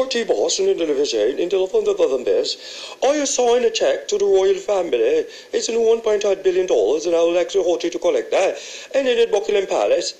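A man voicing a stately elderly queen, with a halting, rambling, mock-regal delivery in a comedic impression. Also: fairly high pitch, a little mellow, rough recording.

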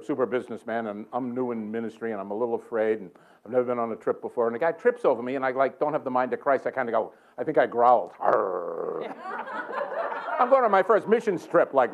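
Narrow, tinny audio captures a mid-range male voice: a guest preacher giving a sermon in a church sanctuary. He spins a story full of chuckles and self-deprecating humor.

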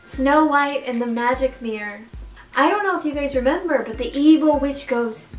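A young woman with a high, bright voice talks straight to her viewers in a loose, chatty vlog. She is animated and disbelieving, swinging into sudden swearing outbursts, with faint music under her. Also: moderate pace, poor audio. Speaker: YouTuber. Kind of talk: casual vlog monologue.

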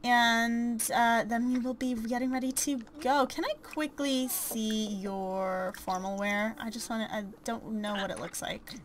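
A woman's voice: a little high, fairly even intonation, unhurried, few pauses, slight background noise. A woman casually commentating a life-sim game, chatty and self-deprecating, with frequent ums and small laughs. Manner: chatty and self-deprecating, with many fillers and giggles. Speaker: gameplay commentator. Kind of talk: casual let's-play commentary.

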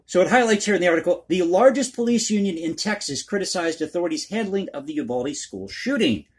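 A man talks straight to his viewers in an unscripted commentary vlog, rambling and opinionated, with a folksy habit of calling them folks. His voice sits fairly high and swings widely in pitch, with a husky edge to it. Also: animated, fast talker. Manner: conspiratorial, opinionated. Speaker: political commentary YouTuber. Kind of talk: one-take commentary vlog.

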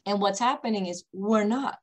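A woman who founded a company, speaking on a video call panel with emphatic, deliberately slow, repetitive points. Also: medium pitch, rough recording. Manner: emphatic, repeats key points, speaks slowly on purpose.

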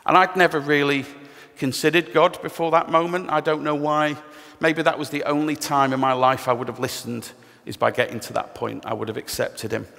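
A man's voice: on the high side, level tone, a little fast, gravelly, sharp tone. A middle-aged man from England telling his personal testimony at church, candid and self-deprecating with touches of humor. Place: church hall. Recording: long reverb of a church hall.

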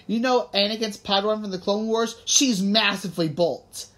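A woman's voice: mid-range voice, moderate pace, lightly acted. A woman voicing an enthusiastic fan-boy schoolboy, in an audiobook reading.

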